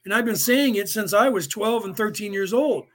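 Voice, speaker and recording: His voice sits high and fairly bright, moving at a moderate pace. The fifty-something podcast host rambles casually through his ideas lecture-style, with lots of fillers and restarts, voicing angry drivers in quoted outbursts.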